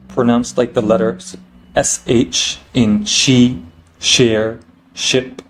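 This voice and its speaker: A man teaching a language lesson, explaining each letter patiently, checking in with "okay?" and slowing down to model the sounds. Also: mid-range voice, steady tone, slight background noise. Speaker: Arabic teacher.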